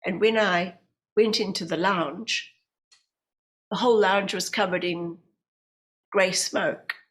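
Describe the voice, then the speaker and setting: A woman's voice: medium pitch, slow pace. A woman in her fifties with a New Zealand accent, a podcast guest telling personal stories and acting out the voices of people she quotes. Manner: animated storyteller, acts out quoted voices. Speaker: guest, medium and hypnotherapist. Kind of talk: storytelling in a podcast interview.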